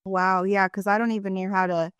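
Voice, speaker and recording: A middle-aged woman hosting a podcast, chatting with enthusiasm and quick asides. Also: mid-range voice, little pitch movement, very noisy. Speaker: podcast host. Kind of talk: casual interview chat.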